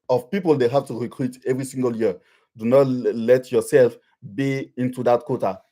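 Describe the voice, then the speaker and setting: A man's voice: mid-range voice, mellow. A man from Benin with a French accent, hosting a live Q&A stream and giving advice with frequent restarts and fillers. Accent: French-accented English. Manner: halting, many restarts and fillers. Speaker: livestream host. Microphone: livestream webcam.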